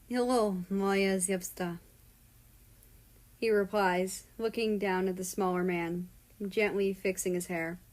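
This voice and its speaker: Slow-reading woman narrator. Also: mid-range voice, level tone. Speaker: story reader. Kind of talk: reading fan fiction aloud.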